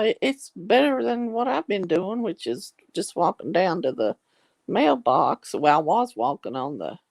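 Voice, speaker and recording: Woman in her 60s, slow folksy chat, lively pitch, dry close sound. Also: creaky, dry recording. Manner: chatty, folksy, yawning and laughing. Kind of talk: casual video chat.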